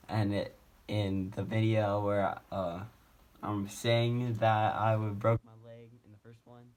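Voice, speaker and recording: A young man casually telling a personal story on his vlog, rambling with many fillers and restarts, speaking from a wheelchair at home. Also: on the low side. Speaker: vlogger.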